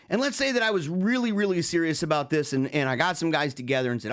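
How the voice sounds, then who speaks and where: A man's voice: on the high side, fast, creaky, a bit bright. A man hosting a talk show, talking in a casual, joking monologue and acting out little scenes with frequent chuckles. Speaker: show host.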